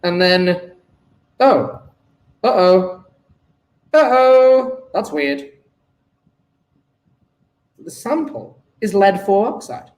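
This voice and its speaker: A man's voice: high voice, lively intonation, very slow, long pauses, reverberant. A man working through an exam paper as a chemistry tutor, thinking aloud and talking to himself as he calculates.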